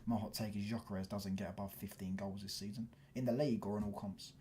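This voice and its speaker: A man's voice: lowish voice, steady tone, fast talker, mellow, slight background noise. A man with a London accent chatting casually on a football live stream, reading out comments, dropping slang and constantly checking you follow him. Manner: casual slangy, keeps asking "do you get what I'm saying".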